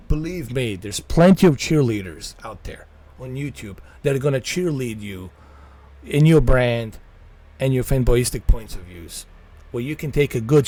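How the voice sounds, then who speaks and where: A man's voice: mid-range voice, dark tone. A man livestreaming gameplay, ranting in a repetitive, exasperated way and talking straight to his viewers. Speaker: gaming livestreamer. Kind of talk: live gameplay commentary.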